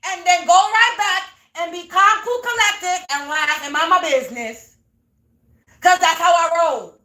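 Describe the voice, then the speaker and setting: A woman reads tarot live from home. Her voice sits high and sounds bright. She curses often and swings between low, muttered asides over her cards and loud shouts at people she thinks are against her. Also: a little slow. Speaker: tarot reader on a livestream. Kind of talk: livestream tarot reading, ranting. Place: home room.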